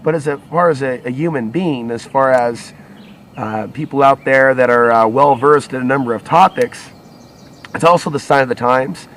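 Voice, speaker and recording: A man's voice: mid-range voice, normal speed, a bit bright, a little hiss or hum. A man talks alone to his audience in a loose, wandering monologue. He stops and corrects himself often, circling back to repeat and rephrase his points as he goes. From United States. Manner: rambling, restarts and self-corrections. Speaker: alternative media channel host. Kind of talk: solo monologue to camera.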